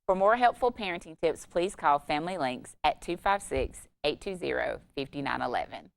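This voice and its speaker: A woman presenting a scripted parenting tip in a calm, measured way. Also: sits low, vocal fry, dry recording. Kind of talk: scripted advice segment.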